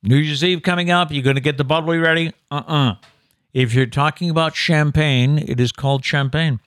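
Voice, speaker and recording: A man's voice: a little high, steady tone, moderate pace, fairly bright tone, smooth, dry recording, clean studio sound. A male co-host chatting casually and reading an article aloud, with a mock-formal emphasis on the words he reads out. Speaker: co-host of a daily news show.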